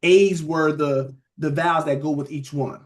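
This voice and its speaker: Guy teaching bible study, slightly high voice, rambly and casual, keeps asking "all right?". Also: fairly even intonation. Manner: conversational, keeps checking in with listeners with "all right?" and "beloved"; loose, halting phrasing with restarts.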